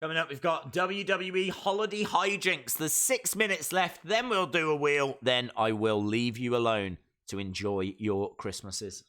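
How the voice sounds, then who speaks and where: A man hosting a live reaction stream, chatting casually and excitedly to his viewers as he thinks out loud. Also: fairly high pitch, a little slow, hardly any pauses.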